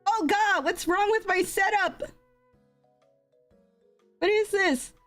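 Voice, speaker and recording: A woman's voice: very high voice, takes it slowly, a bit bright, faint music behind. A young woman streamer chatting casually into a desk mic, telling rambling stories with frequent giggles. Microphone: desk microphone.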